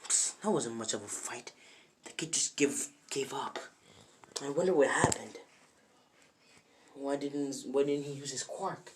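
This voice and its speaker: A young narrator voicing a cocky teenage boy rival who mocks quietly in a low tone. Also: unhurried, long pauses, a little hiss or hum, lightly acted. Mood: smug.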